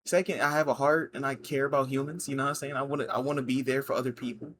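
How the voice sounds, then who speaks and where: A man in casual commentary, loose and slangy, breaking into laughter as he tells stories from behind a counter. His voice sits at an everyday middle pitch, with a faint hiss of noise under the recording. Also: steady tone, racing, fairly bright tone. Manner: laid-back, slangy, laughing storyteller. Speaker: commentator reacting to clips.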